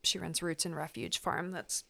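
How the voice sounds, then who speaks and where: A woman's voice: deep voice, animated, normal speed, creaky, sharp tone. A woman speaking as a guest on a gardening podcast, talking in a chatty, enthusiastic way with fillers and restarts. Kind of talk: casual podcast chat.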